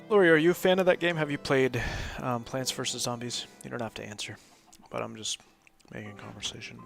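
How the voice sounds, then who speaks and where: Gravelly chatty man streaming a game. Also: mid-range voice, steady tone, fairly quick, few pauses, fairly bright tone, faint music behind. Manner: rambling, chatty, laughs often. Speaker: host of a live gaming stream. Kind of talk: casual gameplay commentary.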